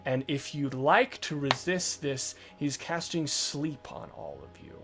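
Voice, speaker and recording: A man narrating a tabletop game as game master, describing scenes in an unhurried way full of fillers. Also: a little high, over music.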